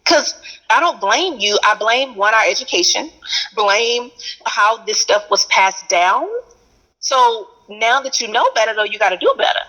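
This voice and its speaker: A woman's voice: on the high side, unhurried, bright, forceful tone, low-quality recording. A woman from Texas with a Texan accent, an educator talking earnestly in casual conversation, repeating phrases for emphasis. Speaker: educator, guest.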